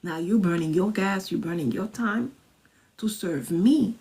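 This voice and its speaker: A woman wellness coach leading a manifestation exercise, soft and measured, repeating each phrase and stressing key words. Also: mid-range voice, husky. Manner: soft and measured, dipping into whispers. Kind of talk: guided manifestation instruction.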